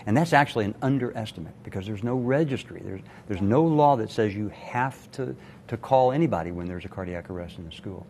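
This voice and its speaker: An older man with a very deep, low, slightly mellow voice, a retired cardiologist, shares a painful family story as a guest on a TV interview. He speaks earnestly and measures his words, yet sounds expressive and fairly quick, over a faint noise in the recording.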